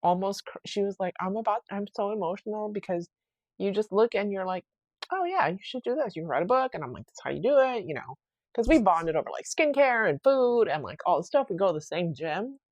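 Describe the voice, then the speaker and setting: A woman's voice: mid-range voice, fairly quick, dry recording, highs cut off. Chatty woman rambling on a podcast. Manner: rambling, animated retelling with many fillers and restarts. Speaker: podcast host. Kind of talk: casual solo podcast storytelling.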